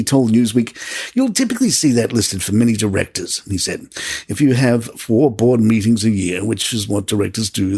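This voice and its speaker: A man hosting a podcast, reading a scripted news segment in a steady, measured way. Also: fairly low pitch, gravelly, husky. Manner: steady, measured delivery of figures and quotes. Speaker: podcast host.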